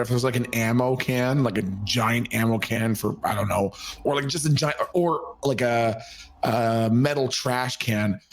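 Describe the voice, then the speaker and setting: A man's voice: medium pitch, a little hiss or hum. A man playing a tabletop game, rambling as he describes what his character does. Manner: rambling, searching for words. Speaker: player.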